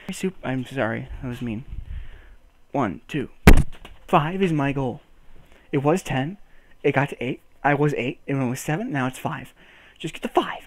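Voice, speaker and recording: A young man rambling to himself over juggling practice, counting aloud and laughing at his own misses. His voice sits a bit high and swings widely in pitch. A faint hiss runs under the recording. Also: animated, unhurried, long pauses. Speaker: vlogger learning to juggle. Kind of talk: casual self-talk while practicing.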